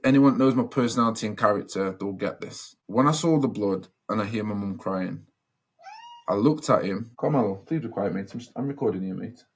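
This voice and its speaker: A man's voice: fairly low pitch, fairly quick, breathy edge. A young man telling a personal story as a podcast guest, earnest and reflective, with many fillers and restarts.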